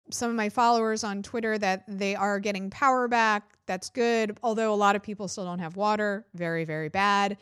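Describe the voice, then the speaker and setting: A woman hosting a political comedy podcast, talking casually and swearing a lot, jumping up in pitch when she mimics others. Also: clear, resonant tone, no room sound, studio quality. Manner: chatty, profane and animated, jumping up in pitch for mock quotes. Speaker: podcast host.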